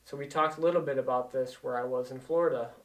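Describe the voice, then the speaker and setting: A man's voice: mid-range voice, steady tone, quick pace, recorded from a distance. A man speaking as a life coach in an earnest, motivational talk, repeating himself to drive each point home.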